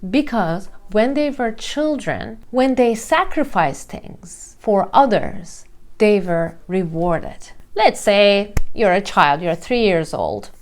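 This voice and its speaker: A woman's voice: mid-range voice, big pitch swings, slow. A woman hosting her own channel, earnestly explaining psychology with everyday examples. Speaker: mindset coach and channel host.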